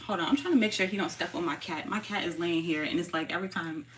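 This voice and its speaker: Woman doing a chill slangy tarot reading, bright voice, keeps repeating stuff for emphasis. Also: lowish voice, fast talker, a little hiss or hum. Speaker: tarot reader. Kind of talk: casual spoken tarot reading.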